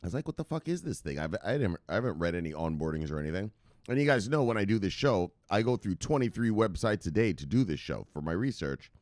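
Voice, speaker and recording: A low-voiced man riffs through a casual crypto market rundown, swinging his pitch up and down as he chants sing-song refrains. He swears freely and keeps things loose and playful. The sound is dry and close, with no room echo. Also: expressive, quick pace, darkish tone. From United States. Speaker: crypto news show host.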